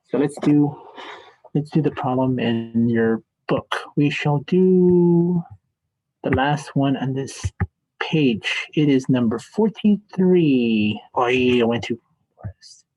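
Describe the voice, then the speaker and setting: A man's voice: mid-range voice, darkish tone, no room sound, rough recording. A man teaching statistics in a classroom lecture, chatty and joking as he thinks aloud at the board.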